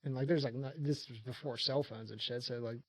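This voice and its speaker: A man's voice: mid-range voice, steady tone, fairly quick, darkish tone, breathy edge, no room sound. A man telling a rambling, casual story on a podcast, swearing freely and laughing often. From rural area. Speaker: podcast host.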